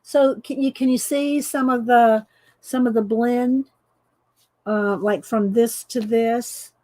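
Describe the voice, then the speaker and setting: A woman's voice: fairly high pitch, steady tone, slow pace, mellow. A middle-aged woman, hosting a casual coloring livestream, chatty and laughing often as she greets viewers. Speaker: livestream host demonstrating coloring.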